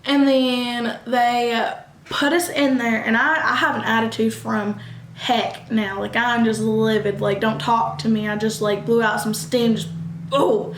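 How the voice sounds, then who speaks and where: A young woman, telling a casual storytime vlog, animated and quick, acting out what others said. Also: on the high side, slight background noise. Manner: animated, quick bursts, acts out quoted voices. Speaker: vlogger. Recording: echoey room.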